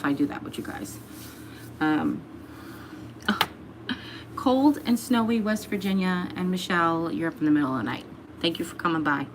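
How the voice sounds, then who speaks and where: A woman's voice: lowish voice, noisy background. A woman hosting a casual livestream from home, reading out viewer comments and laughing often as she chats. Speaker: livestream host.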